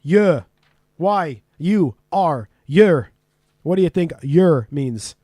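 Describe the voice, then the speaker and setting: A man's voice: fairly high pitch, animated, slow, mellow, no echo. A man from Canada hosting a casual podcast, laughing often and swearing freely as he quizzes his guest. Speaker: podcast host. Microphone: remote call.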